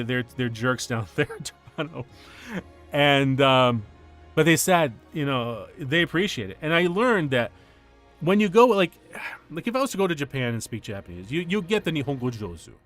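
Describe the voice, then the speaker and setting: A man's voice: fairly high pitch, fairly bright tone. A man in his forties chatting casually on stream, rambling through a story and cutting himself off often. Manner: rambling, self-interrupting storyteller. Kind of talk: casual chat.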